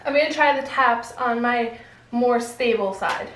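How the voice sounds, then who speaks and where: A woman's voice: fairly high pitch, measured pace. A woman fitness vlogger talking casually while straining through an exercise she demonstrates. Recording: echoey room with music behind.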